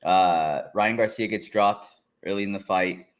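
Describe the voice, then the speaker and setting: Laid-back man breaking down fights. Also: deep voice. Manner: relaxed, laughing, drawn-out play-by-play. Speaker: co-host. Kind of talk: casual fight reaction chat.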